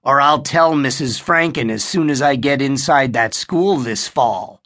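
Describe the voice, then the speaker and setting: A man's voice: medium pitch, unhurried, fairly bright tone, lightly acted. A man voicing a scheming young boy who taunts his little brother in a horror audiobook. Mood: taunting. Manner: sneering, taunting.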